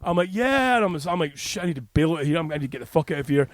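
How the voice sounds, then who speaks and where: A man's voice: on the high side, fairly even intonation, racing. A middle-aged Scottish man telling a rowdy anecdote on a podcast, swearing freely and laughing between lines. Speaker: podcast co-host. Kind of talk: casual podcast chat.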